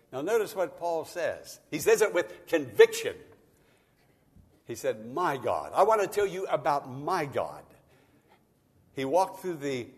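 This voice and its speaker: Animated preacher in an echoey hall. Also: male voice, on the high side, breathy edge. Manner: preaching with rising bursts of emphasis. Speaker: pastor. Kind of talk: sermon. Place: church.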